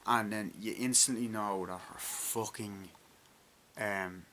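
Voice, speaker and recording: A man with a lowish but bright, forceful voice talks through a film review in a loose, excitable ramble. He swears freely and leans on fillers. A faint hiss sits under his voice. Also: slow. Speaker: movie reviewer. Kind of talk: casual spoken film review.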